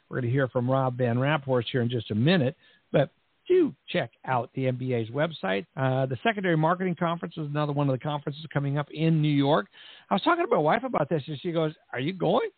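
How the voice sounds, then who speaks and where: Middle-aged guy hosting his show, rambly and chatty, gravelly voice, tinny phone-line sound. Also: on the high side, no echo. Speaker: podcast host. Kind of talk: casual show opening. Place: Central Texas.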